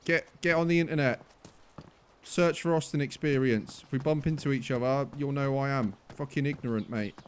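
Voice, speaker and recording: A man's voice: mid-range voice, fairly even intonation, brisk, slight background noise. Cheeky young British man. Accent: British English. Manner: cheeky, gets loud and exasperated when ignored. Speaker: gaming YouTuber. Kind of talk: comedic gameplay commentary.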